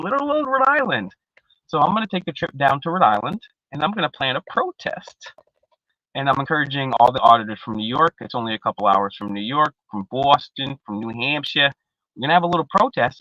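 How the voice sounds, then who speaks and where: A man's voice: mid-range voice, dry recording, highs cut off. A man in casual live-stream panel chat, rambling and profane, with lots of slang and restarts, on a video call. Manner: restarts often, animated.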